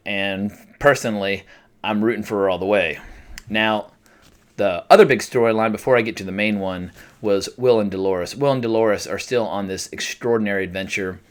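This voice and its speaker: A man casually reviewing a TV episode, chatty and self-deprecating, with frequent fillers and restarts. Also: fairly low pitch. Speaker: TV review vlogger.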